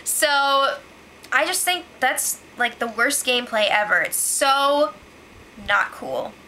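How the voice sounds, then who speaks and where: A woman's voice: high voice, animated, slow, bright, forceful tone, slight background noise. A woman recapping a reality show in a casual vlog, chatty and opinionated, saying "like" a lot. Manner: chatty and opinionated, heavy use of "like".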